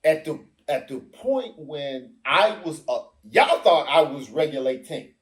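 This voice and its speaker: An emphatic middle-aged man talks through a heated casual discussion, his voice swinging widely up and down as he acts out quotes. He sits a little above the usual male pitch and keeps pressing his point. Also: expressive, measured pace, reverberant. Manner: emphatic, explains with acted-out quotes. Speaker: podcast host.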